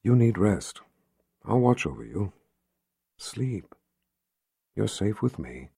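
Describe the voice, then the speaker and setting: Man putting on a gentle ghostly mom, soft and soothing, lowish husky voice. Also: sing-song, moderate pace, no echo, studio quality, exaggerated voice. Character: gentle, soothing motherly woman spirit.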